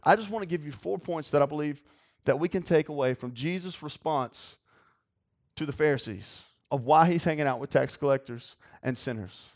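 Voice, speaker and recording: A man's voice: on the high side, moderate pace, darkish tone. A man preaching a sermon in a folksy, earnest way. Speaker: pastor.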